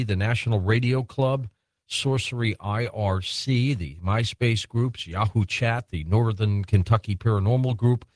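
A man's voice: on the low side, no echo. A man hosting a late-night radio talk show, genial and chatty, laughing easily with his guests.

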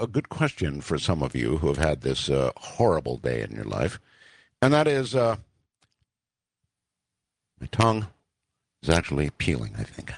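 A radio host with a low, gravelly voice that rises and falls widely as he muses aloud to his callers. He stretches out his questions. The sound is close and dry. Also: no room sound. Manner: musing, drawn-out questions. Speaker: radio talk show host. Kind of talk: late-night call-in radio hosting.

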